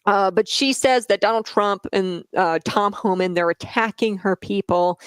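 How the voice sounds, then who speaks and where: A woman's voice: fairly low pitch, steady tone, moderate pace, no echo. Dry, scornful woman commentator. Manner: emphatic, mocking, repeats "okay?" to drive points home; laughs scornfully between points. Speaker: political commentary host. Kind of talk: opinionated news commentary.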